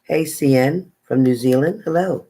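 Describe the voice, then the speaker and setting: A woman's voice: low-pitched, normal speed, mellow, breathy edge, rough recording. A woman tarot reader chatting casually on a live stream, reading out viewers' names and sometimes stumbling over them.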